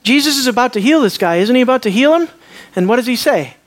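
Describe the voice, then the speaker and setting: A preacher delivering a sermon, swinging between hushed, slow asides and loud, emphatic declarations, and asking the listeners rhetorical questions. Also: medium pitch, animated.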